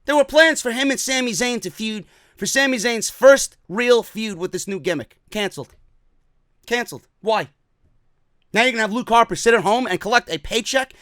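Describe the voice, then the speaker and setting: A man hosting a wrestling commentary show, ranting angrily and profanely and often shouting. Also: very high voice, moderate pace, dry recording, clean studio sound.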